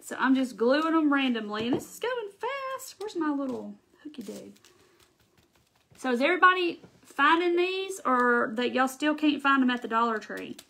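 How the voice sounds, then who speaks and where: A middle-aged woman with a thick Southern drawl talks in a fairly high voice during a live crafting stream. She chats easily, greets viewers and thanks them for their comments as she keeps working. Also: very animated, moderate pace, vocal fry, fairly bright tone. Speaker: craft livestream host. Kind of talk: casual live crafting chat.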